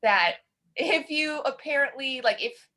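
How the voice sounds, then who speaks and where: A woman co-hosting a casual horror-film chat, talking in a chatty, animated way and laughing often. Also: high voice, measured pace. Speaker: podcast co-host.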